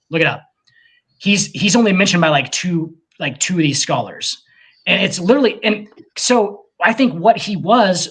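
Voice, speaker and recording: A man on a casual podcast who rants in a husky, slightly rough voice. He swears constantly and presses his points with animated emphasis. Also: high voice. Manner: profane, ranting, animated. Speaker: podcast co-host.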